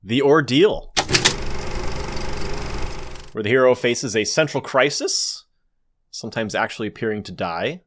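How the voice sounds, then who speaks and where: A man's voice: medium pitch, fairly bright tone. A man in casual conversation, eagerly summarizing a film's scenes and acting out lines. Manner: enthusiastic, breaks into narrated quotes. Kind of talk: casual movie recap chat.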